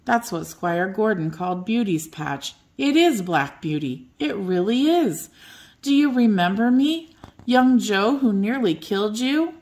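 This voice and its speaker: A woman voicing a kind young male groom who talks in an excited, eager way. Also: mid-range voice, a little slow, pitched above the performer's own voice. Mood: overjoyed.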